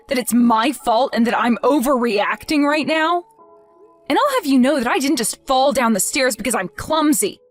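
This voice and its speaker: A woman voicing a heartbroken young wife in an acted text story, pleading and stammering over her words. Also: a little high.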